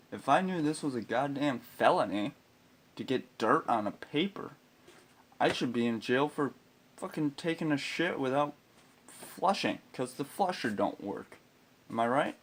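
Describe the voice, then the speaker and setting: Slow-talking profane young man ranting. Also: medium pitch, a little hiss or hum. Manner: profane, exasperated, swings into loud outbursts. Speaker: vlogger telling a school story. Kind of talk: ranting storytime vlog.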